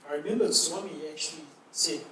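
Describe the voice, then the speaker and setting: A middle-aged man recalling a moving experience in a slow, earnest, wonder-struck way. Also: on the high side, sharp tone. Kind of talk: casual reminiscing. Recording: echoey room, distant mic, background noise.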